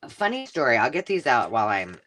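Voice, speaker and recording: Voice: medium pitch, huge pitch swings, quick pace, fairly bright tone, slight background noise. A craft host chatting casually on a live stream, rambling through stories and cutting off her own sentences as she unboxes finds at home. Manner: rambling, self-interrupting storyteller.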